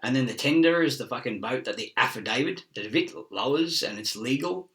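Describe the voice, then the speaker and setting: A man's voice: mid-range voice, animated, a little fast, fairly bright tone. Profane rambling man, distant mic. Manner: profane, laughing, chasing wordplay and word origins. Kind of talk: rambling monologue.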